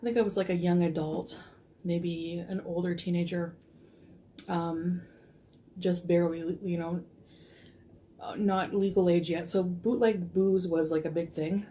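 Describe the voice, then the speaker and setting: A woman's voice: fairly low pitch, fairly even intonation, unhurried, long pauses, mellow, slight background noise. A woman telling a casual storytime in a rambling way, full of fillers. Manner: rambling, frequent fillers, laughs easily.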